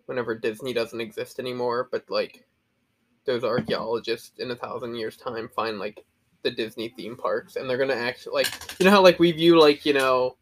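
A man's voice: mid-range voice, normal speed, fairly bright tone. A young man co-hosting a podcast, telling stories in a laid-back, swearing, casual way. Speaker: podcast co-host. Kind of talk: casual rant.

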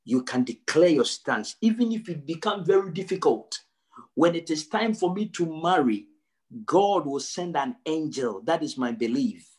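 A male pastor preaching a sermon, emphatic, repeating his phrases and swinging from low and quiet to high and loud. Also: sing-song, normal speed, breathy edge. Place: church service.

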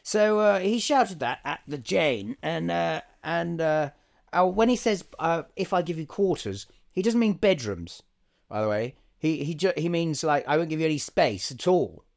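A man co-hosting a comedy podcast, rambling through improvised chat with deadpan absurd asides and many ums. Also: fairly high pitch, normal speed, creaky.

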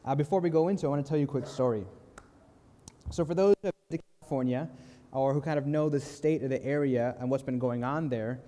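A young man preaching a sermon, telling a story in a calm, earnest way and slowing down softly on key lines. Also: mid-range voice, long reverb tail. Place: church sanctuary.

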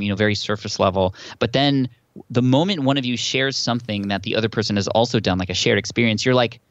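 A man's voice: mid-range voice, fast, no echo, muffled recording. A man as a podcast guest, chatting and telling stories with many restarts and fillers. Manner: chatty, frequent restarts and fillers, animated storytelling. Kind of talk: conversational interview answer.

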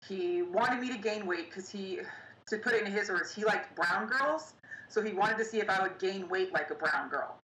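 Halting young woman in an echoey room. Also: medium pitch, bright, forceful tone. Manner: halting, pausing often, recounting painful memories. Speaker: interview guest. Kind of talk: personal storytelling. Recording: echoey room with faint ambience.

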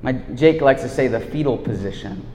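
A man giving a casual sermon, laid-back and slangy, swinging between hushed and loud. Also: mid-range voice, moderate pace. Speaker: preacher. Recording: echoey hall reverb.

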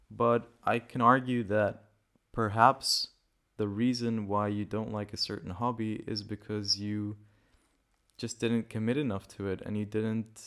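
Rambling man with a lowish voice. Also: fairly bright tone. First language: Portuguese. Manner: rambling, self-correcting, loose and conversational. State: a bit sick, dry throat. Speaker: podcast host. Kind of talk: casual solo podcast talk.

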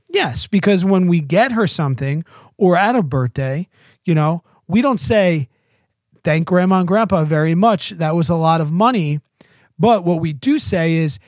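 A man in his thirties co-hosting a relaxed podcast, chatty and fond of mimicking a toddler in a squeaky voice. His voice sits a little high, and the sound is close and dry with no room around it. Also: dry recording. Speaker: podcast co-host. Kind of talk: casual podcast chat.

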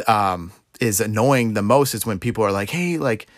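A man's voice: fairly low pitch, moderate pace, no room sound, studio quality. Man giving a casual, rambling sermon. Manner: conversational, rambling, self-correcting, laughs while speaking. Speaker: preacher. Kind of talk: informal sermon.

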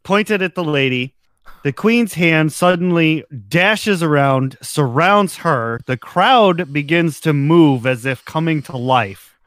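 A man's voice: fairly high pitch, expressive, slow, a bit bright, no echo. A man narrating as game master of a tabletop role-playing game, laughing between descriptions.

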